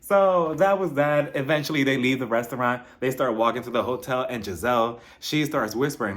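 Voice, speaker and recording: A young man in a mid-range voice, chatting through a reality TV recap. He is sassy and animated, throws in snarky asides, and mimics the cast members he is talking about. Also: mid-range voice, brisk, few pauses. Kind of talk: casual episode recap.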